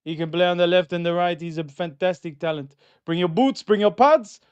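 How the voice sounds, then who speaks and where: A man doing a hurried impression of a male football manager, with a put-on foreign accent and repetitive coaching phrases. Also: high voice, clear, resonant tone, natural voice. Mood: earnest. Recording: slightly dull lo-fi sound.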